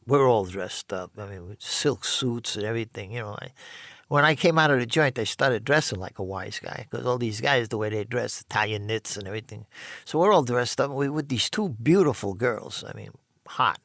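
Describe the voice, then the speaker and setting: Gravelly older man telling street stories. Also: mid-range voice, lively intonation, moderate pace, a bit bright, no room sound, studio quality. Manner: blunt, profane, rambling with restarts. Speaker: former mobster telling his story. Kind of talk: casual storytelling.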